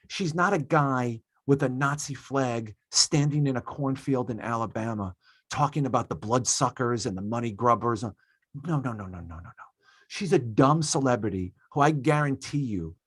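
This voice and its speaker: A man's voice: medium pitch, husky, dry recording. Ranting man, dry close mic. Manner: ranting, emphatic, swears freely. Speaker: podcast host. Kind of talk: casual opinionated chat.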